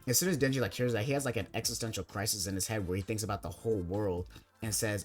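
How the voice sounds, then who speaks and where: Rambling young man, low voice. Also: expressive, fast talker, faint music behind. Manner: rambling, heavy filler words like "like" and "basically". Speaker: anime video essayist. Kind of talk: casual commentary recap.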